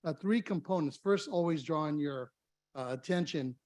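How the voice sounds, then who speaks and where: A man, the chancellor, presenting his report at a board meeting, brisk and full of small fillers. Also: fairly high pitch, a little mellow, dry recording, clean studio sound.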